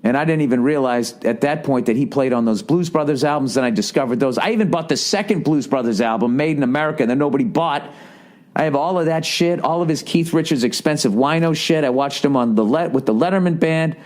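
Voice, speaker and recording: A man in his late forties with a Boston accent hosts a podcast, telling a rambling, profane story and interrupting himself as he goes. His voice sits on the high side with a darkish tone, and he talks fast in this casual monologue.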